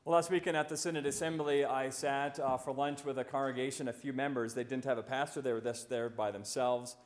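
A man preaching a sermon as a visiting pastor, telling stories and slowing down to stress key lines. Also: medium pitch, fairly even intonation. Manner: storytelling, slowing right down for emphasis.

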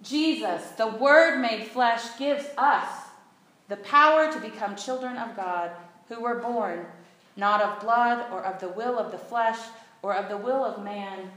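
A woman preacher with a slightly high voice gives an earnest sermon and leads her congregation in call-and-response. Her words bounce around a big, very echoey church hall. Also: measured pace, fairly bright tone. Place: church sanctuary.

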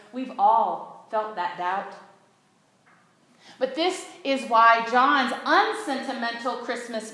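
A woman preacher with a slightly high voice gives an earnest sermon and leads her congregation in call-and-response. Her words bounce around a big, very echoey church hall. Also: a bit bright. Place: church sanctuary.

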